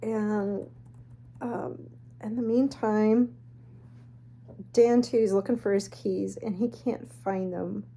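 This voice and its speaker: A woman telling a spooky personal story in a chatty, animated way with snarky asides. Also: mid-range voice, takes it slowly, pauses often. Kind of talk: casual storytelling.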